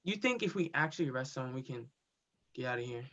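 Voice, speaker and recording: A man's voice: mid-range voice, lively intonation, fast talker, noisy background, lightly acted. A man reading the part of a blunt, stubborn young police officer in a play reading over a video call. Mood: arguing. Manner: blunt, argumentative. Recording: dull lo-fi video call audio.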